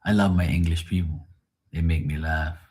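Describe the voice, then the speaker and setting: A man's voice: deep voice, fairly even intonation, moderate pace, darkish tone, breathy edge. A man who does live tarot readings, chatting with viewers in a blunt, profane, offhand way. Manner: blunt, profane, talks straight to the chat. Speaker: live tarot reader, streamer. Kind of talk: casual live-stream chat.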